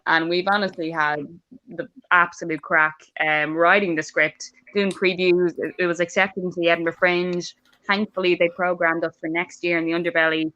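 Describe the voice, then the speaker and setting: Bright-voiced Irish woman comedian. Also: lowish voice, level tone, a little fast, no echo, muffled recording. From Ireland. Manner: chatty, laughing, swearing freely. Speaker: comedian guest. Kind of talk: casual chat on a video call. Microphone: video call.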